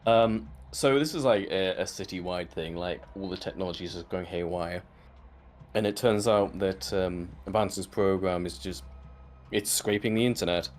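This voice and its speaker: A man's voice: sits low, normal speed. A man co-hosting a podcast, casually recapping a cartoon episode in a rambling way with lots of fillers and the odd swear word. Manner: rambling, frequent fillers and swearing, laughs while retelling scenes. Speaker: podcast co-host.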